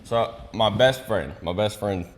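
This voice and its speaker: A young man, a guest on a casual podcast, telling crude jokes and animated stories. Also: lowish voice, measured pace, slight background noise. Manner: animated, crude joking storyteller. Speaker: guest content creator.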